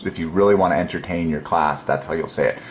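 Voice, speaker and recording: A low-pitched man talks through a casual, one-man preaching monologue, wandering between thoughts with frequent ums and soft chuckles to himself. His voice bounces around an echoey room. A faint hiss of noise sits underneath. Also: quick pace. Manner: rambling and musing, many ums, chuckles to himself. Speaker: religious video presenter.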